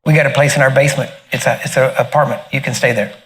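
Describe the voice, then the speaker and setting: A middle-aged man telling a personal testimony in a casual, animated way, often laughing and acting out the other people in the story. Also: medium pitch, fast. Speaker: minister sharing a testimony.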